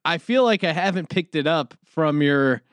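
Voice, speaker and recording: A man's voice: a little high, animated, moderate pace, no room sound. A man hosting a sports podcast, bantering and laughing often with his co-host. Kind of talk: casual sports chat.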